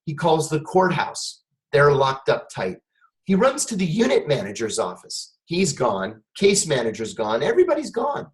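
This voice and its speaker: A middle-aged man, a guest on a talk show, telling a wry, animated story in conversation. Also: fairly high pitch, normal speed, low-quality recording.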